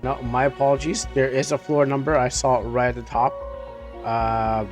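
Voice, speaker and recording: A man's voice: medium pitch, little pitch movement, moderate pace, soft background music. A man streaming a game live, chatting and commenting with many restarts.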